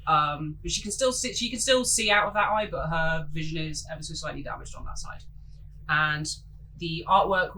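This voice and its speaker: A woman's voice: sits low, bright, forceful tone, slight background noise, low-quality recording. A woman casually introducing her tabletop game character, chatty and laughing as she goes off on tangents.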